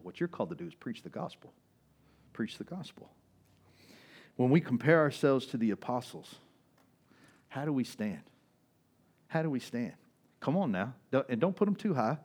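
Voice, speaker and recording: Male pastor, sermon delivery, conversational, somewhat high-pitched, big swings between loud and soft. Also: husky. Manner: conversational preaching with frequent "right?" asides.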